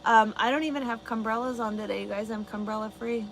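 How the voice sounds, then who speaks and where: A woman's voice: a little high, steady tone, quick pace, noisy background. A woman truck driver on a casual livestream, answering her chat bluntly and swearing freely. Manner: blunt, swears a lot, talks back to chat.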